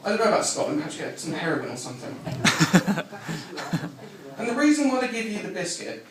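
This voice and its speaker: A man working a comedy club crowd, high-voiced and swinging widely in pitch as he fires off brash, crude punchlines. He sits well back from the microphone in a very echoey room. Clear audience laughter rolls in behind him. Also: quick pace, far from the mic. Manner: deadpan one-liners, brash and crude. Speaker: stand-up comedian. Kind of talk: live stand-up routine.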